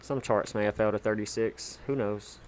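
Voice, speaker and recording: A man hosting a casual livestream, chatty and excitable, with lots of fillers, shout-outs and sudden bursts of hype. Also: on the low side, moderate pace, a little hiss or hum. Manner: hyped, chatty, full of fillers. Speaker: livestream host.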